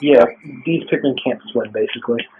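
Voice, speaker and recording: A man co-commentating a video game, chatty and joking, quick to laugh. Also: medium pitch, slight background noise. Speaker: let's play co-commentator. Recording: tinny phone-like call audio.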